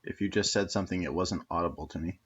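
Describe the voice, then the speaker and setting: A man's voice: deep voice, fast, dull audio, background noise. A man hosting a stream, chatting casually in an offhand, defensive way and swearing loosely. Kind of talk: casual chat.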